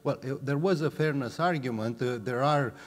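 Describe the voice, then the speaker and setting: Expert guest: mid-pitched man, halting and filler-heavy, hall echo. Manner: hesitant, many uh fillers and restarts. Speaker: panel guest, policy expert. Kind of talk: panel answer. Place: large hall or hangar. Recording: long hall reverb.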